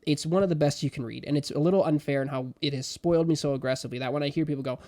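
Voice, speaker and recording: A young man co-hosting a casual podcast, talking in an animated, emphatic way with big swings in loudness. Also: fairly high pitch, rapid-fire, hardly any pauses. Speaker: podcast co-host. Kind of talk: casual chat.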